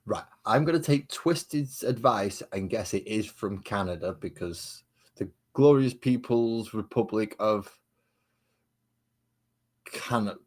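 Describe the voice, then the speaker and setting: Low husky-voiced man chatting. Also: a little slow. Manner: chatty, sarcastic banter with viewers, muttering while painting. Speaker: streamer painting miniatures. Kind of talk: casual live-stream chat.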